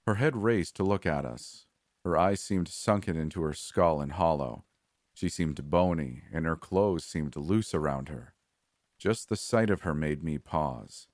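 A man giving a measured, steady scripted narration of a horror story. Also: rumbling low, dry recording, studio quality.

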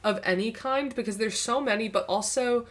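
A young woman co-hosting a podcast in casual chat, speaking warmly and effusively. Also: on the high side, moderate pace. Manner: warm, effusive, heartfelt. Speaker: podcast co-host.

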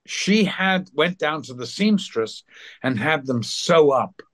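An older man, an actor being interviewed, telling anecdotes at an unhurried pace and briefly acting out other people's voices. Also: on the high side, animated, fairly bright tone. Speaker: actor guest. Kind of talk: anecdotal storytelling.

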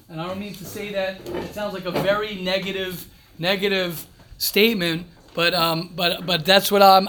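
A man's voice: high-pitched, a bit bright, a little hiss or hum. A man giving an informal, emphatic talk to yeshiva students, repeating phrases and mixing in Hebrew and Yiddish words.

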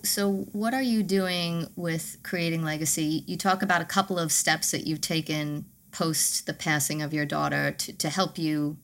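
A woman with a low voice hosts an interview. She asks her questions gently and in an encouraging way. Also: gravelly. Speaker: host, interviewer. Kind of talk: interview questions and soft backchannels.

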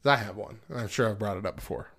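A man's voice: on the low side, rapid-fire, a bit bright, husky. A man co-hosting a podcast in casual chat, playful and self-mocking, laughing often. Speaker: podcast co-host.

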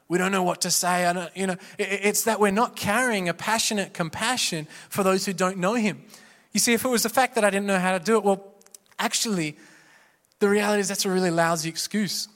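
A pastor preaching a sermon in a church, passionate and emphatic, with repeated refrains. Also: male voice, high-pitched, a bit bright. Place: church auditorium. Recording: echoey hall reverb.

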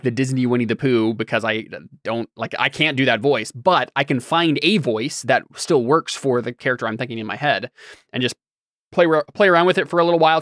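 A man talking through ideas in a relaxed podcast conversation, pausing on ums and restarting his sentences as he thinks. His voice sits at an ordinary middle pitch, recorded close and dry. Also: no echo. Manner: thoughtful, lots of ums and restarts, explaining. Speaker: podcast guest. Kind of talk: casual chat.

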